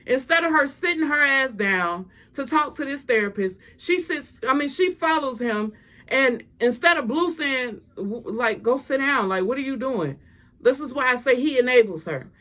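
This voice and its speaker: A woman's voice: high-pitched, lively intonation, normal speed, bright, forceful tone. A woman giving casual gossip commentary, blunt and exasperated, and swearing freely.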